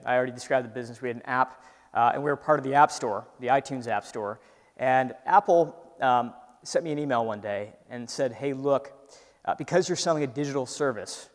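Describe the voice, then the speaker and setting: A man giving a conversational entrepreneurship talk on stage, telling a personal story, acting out the voice in his head, and checking in often with the audience. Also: mid-range voice. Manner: animated storyteller, acts out his inner voice, frequent "right?". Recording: hall reverb from stage.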